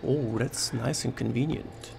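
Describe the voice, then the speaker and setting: A man's voice: mid-range voice, steady tone, unhurried, gravelly, background noise. A man giving let's play commentary, panicking, swearing and joking to himself. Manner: panicky, swearing, jokey self-talk. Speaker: game streamer.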